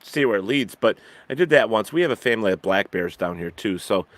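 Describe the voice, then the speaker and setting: A man's voice: fairly low pitch, animated, fairly quick, no room sound. Man, casual chat, rambling, restarts, laughs easily, dry close sound.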